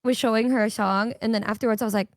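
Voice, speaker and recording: A woman's voice: on the high side, fairly even intonation, no echo, clean studio sound. A woman streamer chatting casually, rambling with lots of fillers and swearing. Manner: rambling, swears a lot, fast filler-heavy talk. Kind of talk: casual chat.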